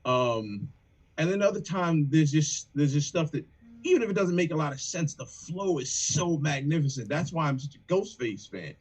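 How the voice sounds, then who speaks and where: Husky animated man talking rap. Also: on the high side, moderate pace, low-quality recording. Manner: animated, profane, quotes lyrics excitedly. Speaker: rapper in a band. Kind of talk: casual chat on a livestream.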